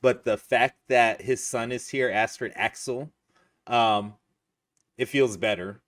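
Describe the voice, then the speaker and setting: A man casually reacting to a movie for his channel, loose and excitable, laughing often. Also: mid-range voice, slow, recorded from a distance, slight background noise.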